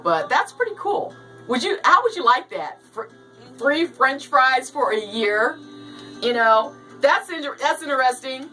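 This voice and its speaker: A woman giving casual, animated commentary on news stories, with jokey asides. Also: fairly high pitch, recorded from a distance, low-quality recording. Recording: voice a bit off-mic, with light music behind.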